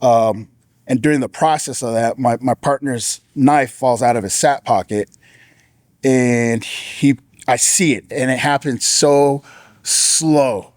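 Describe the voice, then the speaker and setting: A man shares a personal testimony in a plain, middle-pitched voice, telling it casually with frequent restarts. He bumps his pitch up when he quotes others. The sound is dry and close, with little room echo. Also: slow pace, darkish tone. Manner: earnest, casual storytelling with many restarts. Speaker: former sheriff's deputy sharing testimony.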